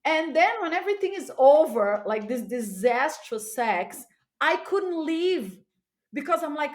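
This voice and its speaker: A woman guest on a podcast telling a candid, animated story, often laughing and repeating words for emphasis. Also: sits high, a little slow.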